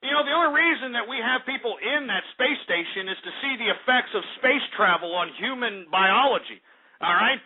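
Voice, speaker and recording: A man's voice: very high voice, animated, brisk, slightly rough. A man hosting a call-in radio show, ranting angrily and swearing at callers. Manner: angry, profane, heckles callers. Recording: tinny phone-like radio audio.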